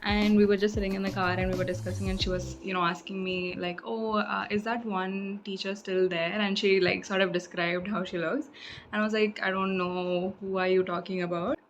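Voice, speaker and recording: A woman's voice: medium pitch, brisk. A young woman college student, casually rambling through stories of her day and acting out other people's lines. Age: young adult. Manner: rambling, animated retelling with quoted dialogue. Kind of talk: casual chatty vlog storytelling. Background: background music.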